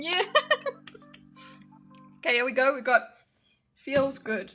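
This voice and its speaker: With faint music behind her, a woman streamer talks in a high-pitched, slow, pushed and bright voice. She giggles and chats casually with her viewers while reacting to videos, talking to her chat as she draws a diagram.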